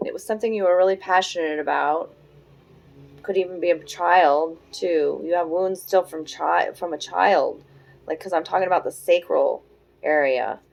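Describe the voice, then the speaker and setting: A woman in her forties giving a casual tarot reading, thinking aloud in a soft, musing way with frequent fillers. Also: on the low side, moderate pace, creaky, rough recording. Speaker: tarot reader.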